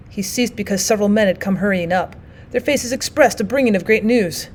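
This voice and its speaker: A woman teacher reading a classic novel aloud in clear, expressive audiobook narration. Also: mid-range voice, brisk.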